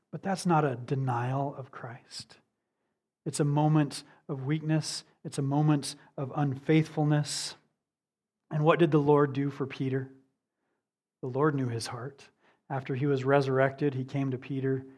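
A man preaching a sermon in an earnest manner, asking rhetorical questions and moving between emphatic and hushed delivery. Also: mid-range voice, level tone, measured pace. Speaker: pastor.

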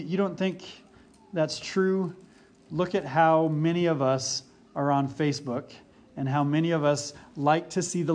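A man preaching a sermon as pastor, earnest and deliberate, repeating key phrases for emphasis. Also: a little high, darkish tone, slight background noise. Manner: slow and deliberate.

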